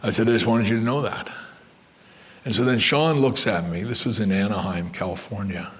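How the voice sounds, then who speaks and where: A man's voice: lowish voice, fairly quick, a bit bright. An older man telling blunt, rambling stories to a live crowd of fans, with restarts and asides. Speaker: guest wrestler telling stories. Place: event room with a live crowd.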